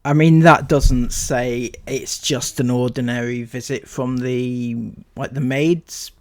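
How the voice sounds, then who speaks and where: A man's voice: medium pitch, steady tone, slow, darkish tone. A man hosting a commentary video, making dry, mocking asides about vlog clips. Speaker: commentary YouTuber.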